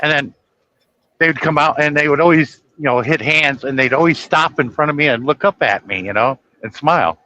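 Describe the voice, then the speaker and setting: A man's voice: a little high, fairly quick, pushed and bright, rough recording. A man telling a long, rambling story in casual chat, acting out the dialogue as he goes. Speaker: guest storyteller.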